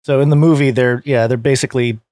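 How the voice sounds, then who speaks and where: A man's voice: mid-range voice, fairly even intonation, fast talker, a little mellow, no room sound. Man, American accent, podcast host, rambling casual talk, dry close sound. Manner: rambling, lots of fillers and restarts. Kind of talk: casual podcast chat and reading news aloud.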